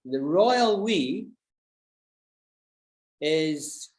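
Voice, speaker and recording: A man's voice: on the high side, expressive, very slow, a little mellow, roomy sound. A man with a British accent, teaching an online English lesson in a chatty way, explaining with examples and checking that his students follow. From Britain.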